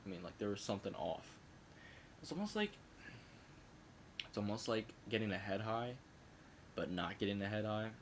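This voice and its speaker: Young man, low voice, casual storytelling, rambling, profane, faint rumble behind. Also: lively intonation, moderate pace, long pauses. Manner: rambling, profane, self-correcting. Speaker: vlogger.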